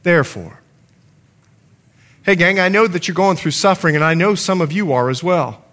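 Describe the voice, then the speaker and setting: A man preaching a sermon to his church, telling stories and reading scripture with emphatic, animated delivery. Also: fast talker. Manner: animated storytelling preacher, emphatic swings in pitch. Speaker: pastor.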